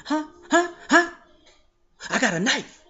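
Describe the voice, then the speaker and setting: A man's voice: very high voice, sing-song, slow pace, bright, forceful tone, muffled recording, voice pushed up, full character voice. A man voicing a hostile young woman who snaps at someone approaching her. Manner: confrontational, snapping.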